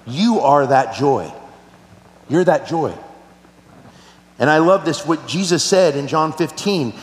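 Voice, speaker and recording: A man's voice: fairly high pitch, expressive, slow pace. A male pastor preaching a sermon, telling a personal story earnestly and asking the listeners questions. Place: large church hall. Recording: roomy hall with long reverb.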